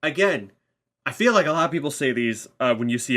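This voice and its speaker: A man's voice: medium pitch, expressive, brisk, bright, forceful tone. A man who is a guest on a casual spoiler chat, rambling, restarting sentences and swearing casually.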